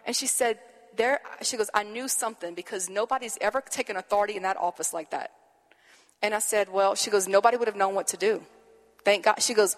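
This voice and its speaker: A woman pastor telling a lively personal story in a sermon, acting out the dialogue as she goes. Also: mid-range voice, fast. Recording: long reverb of a hall.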